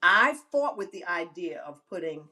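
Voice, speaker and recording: A woman's voice: fairly low pitch, big pitch swings, normal speed, sharp tone. A woman hosting an inspirational live-stream talk, emphatic and given to repeating phrases for effect.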